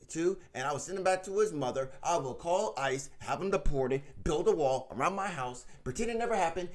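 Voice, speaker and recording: Man, vlog rant, heavy swearing, mocking, emphatic, rambling, slightly high-pitched. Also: a little hiss or hum. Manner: rambling with frequent restarts and fillers. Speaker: vlog host. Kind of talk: profane political rant.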